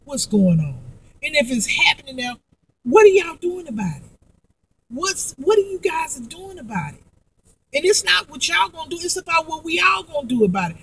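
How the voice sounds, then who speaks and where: A woman's voice: high voice, sing-song, moderate pace, a bit bright, far from the mic. A woman vlogger in a profane, angry monologue, repeating herself and stumbling through restarts. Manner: profane, emphatic, repetitive, with heavy stammered restarts.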